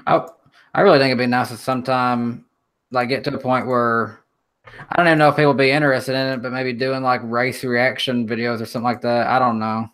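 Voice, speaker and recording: A young man with a mid-range voice co-hosts a relaxed podcast. He speaks in halting bursts, restarting phrases, speeding up and slowing down. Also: medium pitch. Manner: hesitant, stop-start, trails off. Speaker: podcast co-host. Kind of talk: casual chat.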